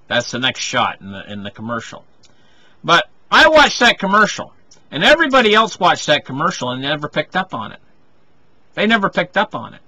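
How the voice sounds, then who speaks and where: A man delivers a rambling monologue, circling back with restarts, frequent asides and plenty of "you know." His voice is on the high side, bright and forceful, and the audio is poor.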